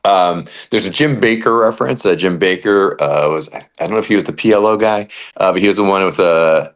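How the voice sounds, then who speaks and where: A man co-hosting a casual wrestling podcast, telling it in an animated, ranting way and swearing freely. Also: deep voice, fairly quick. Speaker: podcast co-host.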